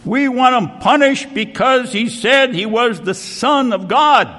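A man voicing indignant, scheming accusers in a sermon retelling, complaining loudly, with a long hall reverb. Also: very high-pitched, measured pace, voice pushed up, full character voice. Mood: demanding. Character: scheming male accusers, adult, loud and indignant.

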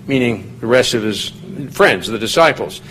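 A male Bible teacher gives a conversational Bible study, explaining scripture in plain talk and raising his voice when reading quoted lines aloud. His mid-range voice is animated, fairly bright and moderately paced, on a rough recording with slight background noise.

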